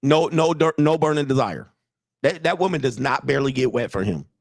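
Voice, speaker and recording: A man in the middle pitch range talks straight into a dry, close mic, delivering a blunt, profane livestream rant as a dating coach. He repeats his points and keeps pressing his viewers to say whether they disagree. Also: animated, fairly quick, gravelly, dry recording. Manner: blunt, profane, repetitive, asks the audience for agreement. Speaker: dating and relationship coach streaming live. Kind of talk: casual livestream monologue.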